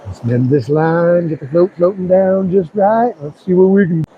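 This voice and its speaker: A man's voice: sits high, moderate pace, narrow, tinny audio, a little hiss or hum. A man streaming live while fishing outdoors by a river, talking playfully to the fish as he reels it in. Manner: excited, playful, talks to the fish. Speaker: fishing livestreamer.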